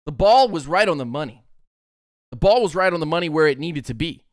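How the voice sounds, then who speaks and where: Lively, excitable man talking sports. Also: fairly high pitch, fairly quick, no room sound, studio quality. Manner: excitable, breaks into laughter, acts out players in quotes. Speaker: sports podcast host. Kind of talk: animated sports commentary.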